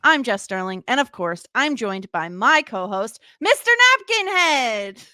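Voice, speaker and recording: A woman's voice: medium pitch, animated, moderate pace, pushed and bright, dry recording. A woman from the United States hosting a podcast in casual chat, playful and teasing. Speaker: podcast host.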